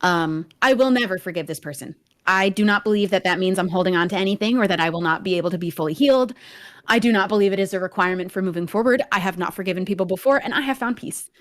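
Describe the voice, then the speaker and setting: A woman's voice: medium pitch, quick pace. A young woman in casual chat, speaking firmly and reflectively about her own experience.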